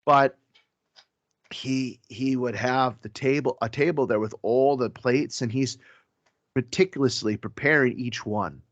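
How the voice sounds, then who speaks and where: A man's voice: medium pitch, fairly even intonation, unhurried, no echo. A man, a priest, chatting casually on a podcast and telling stories with asides and self-corrections. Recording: dry, slightly dull podcast audio.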